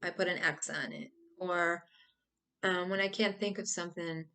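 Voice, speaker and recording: A woman's voice: fairly low pitch, fairly even intonation, normal speed, pushed and bright. A woman hosting her own video, talking through a topic in a loose, rambling way and acting out silly examples. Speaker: video host. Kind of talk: casual explainer monologue.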